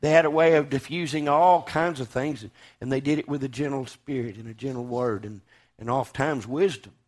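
A man preaching a sermon, swinging from loud, fervent declaiming to hushed, quiet lines. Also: medium pitch, a little fast.

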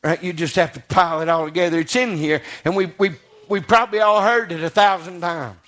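A man's voice: high voice, brisk, fairly bright tone. A man preaching a sermon in a church, rising to fervent passages and putting questions to his congregation.

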